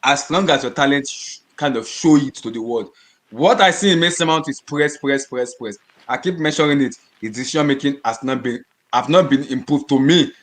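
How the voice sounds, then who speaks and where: A man co-hosting a football podcast, arguing his points passionately, repeating words and shouting in bursts. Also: medium pitch, normal speed. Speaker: podcast co-host. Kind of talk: heated casual football chat.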